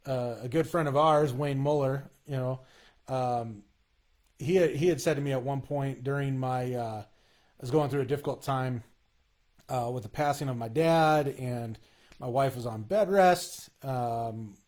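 A man in a casual, earnest conversation about faith, talking in halting bursts with frequent restarts. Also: medium pitch, a little mellow.

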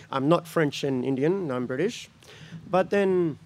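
Man from Australia, slow spoken-word talk, higher voice, laughs between lines. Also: darkish tone. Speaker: speaker at a gathering.

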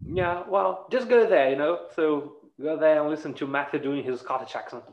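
A man hosting a casual podcast, chatty and laughing often, with lively asides. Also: on the high side, moderate pace. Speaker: podcast host. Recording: roomy, dull lo-fi sound.

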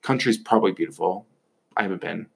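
A man's voice: deep voice, quick pace, vocal fry, breathy edge. A young man from Northeast Ohio hosting a casual chat, rambling and sarcastic, swearing freely. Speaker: host.

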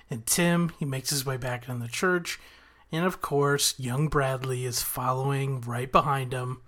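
A man's voice: mid-range voice, fairly bright tone. A man hosting a podcast, recapping a TV episode in an enthusiastic, rambling way with frequent chuckles. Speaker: podcast host reviewing a TV episode.

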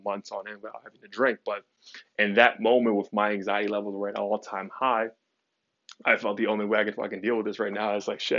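A man's voice: lowish voice, a bit bright, dry recording. A young man hosting a podcast, telling a personal story in a candid, casual way with lots of swearing and fillers. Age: young adult. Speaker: podcast host. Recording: dry, dull lo-fi sound.

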